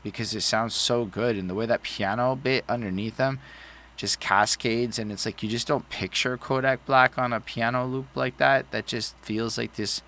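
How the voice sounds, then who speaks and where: A man's voice: medium pitch, fairly even intonation, moderate pace, pushed and bright. A man co-hosting a podcast, talking through an album in a casual, blunt, profane and rambling way. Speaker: podcast co-host. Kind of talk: casual album review chat.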